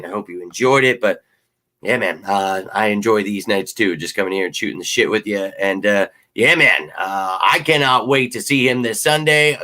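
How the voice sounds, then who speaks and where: Man, live fan-stream host, casual chat, rowdy and cussing, tense bright voice, slightly worn from shouting. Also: lowish voice. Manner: hyped, rowdy and profane, swings loud. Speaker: sports fan show host.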